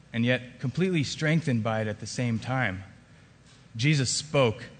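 A man delivers a dramatic first-person monologue, pressing on key words and slipping in wry asides. His pitch sits in the middle range. A long reverb trails each phrase, as if he speaks in a large hall. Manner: expressive, emphatic storytelling with wry asides. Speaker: storyteller.

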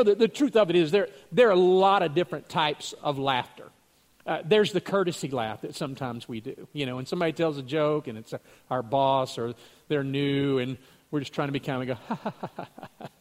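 High-voiced man preaching a chatty sermon. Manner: storytelling, chuckling, repeats words as he goes. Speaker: pastor. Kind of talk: conversational sermon.

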